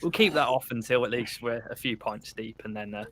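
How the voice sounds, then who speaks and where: A man's voice: mid-range voice, brisk, a bit bright, a little hiss or hum. Laughing man hosting a chat. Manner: chatty, laughs often. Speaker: podcast host. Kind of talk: casual chat among mates.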